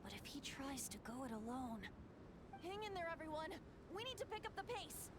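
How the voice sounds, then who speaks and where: A woman voicing a boyish, airy and knowing male bard in a game, with a soft, hushed delivery. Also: high-pitched, very animated, brisk, heavy background noise. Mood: solemn. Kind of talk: game character dialogue. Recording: game audio with loud background ambience.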